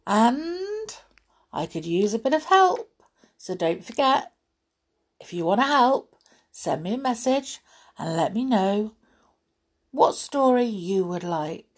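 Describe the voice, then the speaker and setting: A woman reading a children's story aloud as a storyteller, in a gentle, chatty manner with small fillers. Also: on the high side, sing-song, takes it slowly, long pauses.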